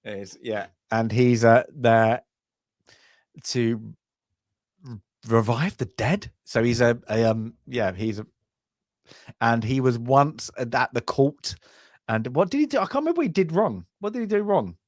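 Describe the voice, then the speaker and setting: A man co-hosting a film review podcast in casual chat, rambling and trailing off, then breaking into loud shouted impressions. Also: mid-range voice, animated, a little slow, long pauses, no echo, studio quality. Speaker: podcast co-host.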